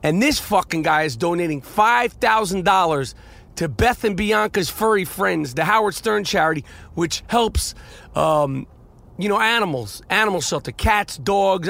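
Rambling, profane podcast host, congested. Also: male voice, high-pitched, moderate pace, creaky, a bit bright. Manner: rambling and profane, with many restarts. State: congested from a nasal infection. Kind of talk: casual solo podcast monologue. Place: in his car.

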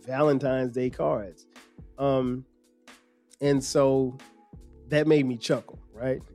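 A man, hosting a podcast and telling a story in a casual, animated way with lots of laughter. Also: medium pitch. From South Carolina. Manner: animated, laughs often, quick restarts. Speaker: podcast host.

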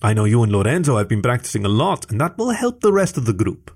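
A man voicing a warm, jovial older male otter father who speaks expansively and drops in Italian phrases in a read-aloud story. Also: mid-range voice, big pitch swings, quick pace, slightly rough.

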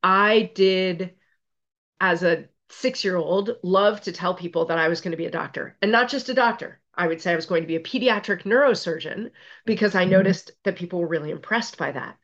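This is a middle-aged woman speaking as an interview guest, telling personal stories with emphatic, self-deprecating humor. Her voice sits on the lower side and comes through a slightly muffled, lo-fi recording. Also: fairly quick, a bit bright. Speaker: guest, physician and resilience expert. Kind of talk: conversational interview storytelling.

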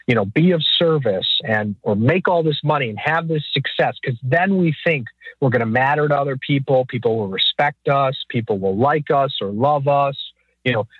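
A man's voice: mid-range voice, husky, no echo, phone-quality sound. A man who is an author guest on an interview, speaking earnestly in a flowing motivational way.

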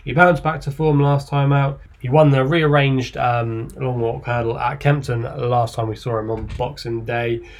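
A man's voice: mid-range voice, steady tone. A man hosting a horse racing podcast, running through the odds and turning to his panel for their picks. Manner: measured, asks panel for picks. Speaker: podcast host. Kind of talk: racing tipping podcast chat.

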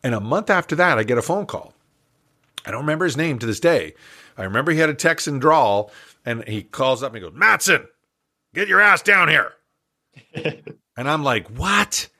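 An older man, a business coach, telling an animated story as a podcast guest and acting out the dialogue with chuckles. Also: medium pitch, fairly quick.

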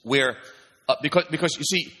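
A man's voice: on the high side, normal speed, bright, forceful tone. A man preaching a sermon as pastor, talking in a conversational way with many "you know"s and restarts. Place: church sanctuary. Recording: long reverb from a church hall.

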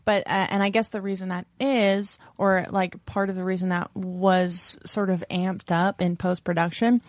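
A woman's voice: medium pitch, level tone, no echo. Chatty woman podcast co-host, dry close mic. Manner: fast, chatty, laughs often. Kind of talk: casual chat.

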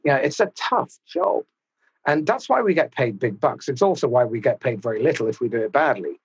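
Husky, measured man on dull audio. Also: mid-range voice, expressive. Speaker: podcast host. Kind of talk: reflective interview talk.

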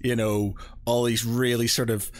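A man chatting casually on a podcast, telling stories with lots of laughter and excited asides. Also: medium pitch, a little slow. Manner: animated, laughs often, excitable storytelling. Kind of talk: casual chat.

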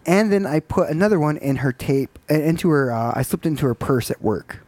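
A man with a slightly high voice tells a story in a matter-of-fact, deadpan way. The recording is dry and close, with no room sound. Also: fairly quick, no echo. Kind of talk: casual storytelling.

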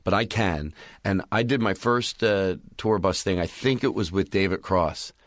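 A man's voice: deep voice, moderate pace, no echo, studio quality. A man, a stand-up comedian, chatting casually and rambling through stories, acting out his own club announcements. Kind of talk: casual podcast chat.

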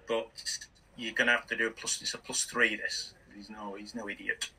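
A man's voice: on the low side, little pitch movement, bright, forceful tone, husky, distant mic, rough recording. Man game-mastering with restarts. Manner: halting, many restarts. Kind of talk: narrating a tabletop game.

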